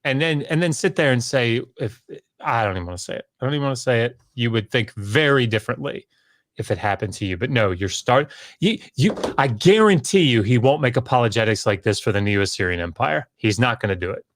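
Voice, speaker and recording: A man on a podcast, talking with heated, exasperated emphasis. He sighs, repeats himself, and breaks off mid-sentence as his frustration spills over. His voice sits at a middling pitch. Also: animated, brisk. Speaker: podcast co-host. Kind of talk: heated casual discussion.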